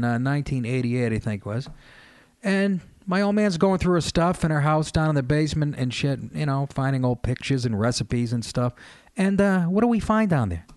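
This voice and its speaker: A man hosting a radio show, telling family stories in a loose, profane, animated comedic monologue. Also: a little high, no echo, clean studio sound. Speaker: radio host.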